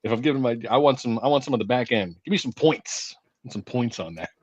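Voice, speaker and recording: A man's voice: mid-range voice, lively intonation, quick pace, husky, no echo, highs cut off. A man co-hosting a casual live stream, joking and teasing, with laughs between his remarks. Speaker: co-host.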